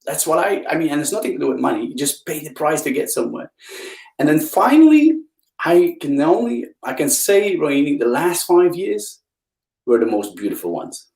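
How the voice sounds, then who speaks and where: A man's voice: sing-song, normal speed, gravelly, darkish tone, echoey room, poor audio. A man from Belgium, a guest speaker on a live video interview, telling stories with enthusiastic, swooping emphasis. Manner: enthusiastic storyteller, swings pitch up for emphasis. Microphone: video call.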